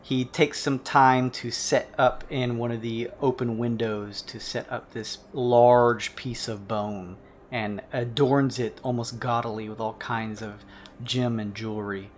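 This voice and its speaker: A man narrating a tabletop game as game master, in a relaxed, casual way. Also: mid-range voice, unhurried, a little hiss or hum.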